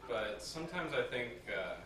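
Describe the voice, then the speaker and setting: A man doing a stand-up routine, playing an ignorant bigot persona with a slow deadpan delivery that keeps breaking into laughter. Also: mid-range voice. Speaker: stand-up comedian. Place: party venue with a live audience. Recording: echoey room, far from the mic, loud noise.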